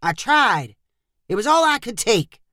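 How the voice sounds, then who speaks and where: A woman's voice: on the high side, very animated, measured pace, a bit bright, no echo, studio quality, pitched above the performer's own voice. A woman voicing a grumpy, stubborn father who whines and complains. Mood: complaining. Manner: whiny, complaining.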